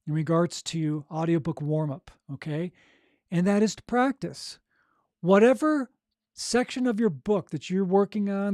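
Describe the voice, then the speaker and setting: A man's voice: high voice, darkish tone, no room sound, clean studio sound. A man coaching audiobook narration on a podcast, encouraging and keeps checking in with "right?" and "okay?". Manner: encouraging, repeats "right?" and "okay?", demonstrates vocal exercises.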